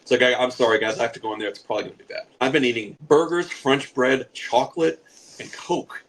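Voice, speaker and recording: A man's voice: mid-range voice, fast talker, fairly bright tone, slight background noise, poor audio. A man in his forties telling a rambling, profane comic story on a podcast, laughing at his own jokes. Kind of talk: casual comic anecdote.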